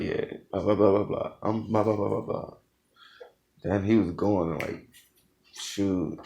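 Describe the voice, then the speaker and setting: A young former Marine tells a boot camp story for a casual storytelling vlog, loose, laughing, and full of slang. His voice is low, creaky, and a little mellow.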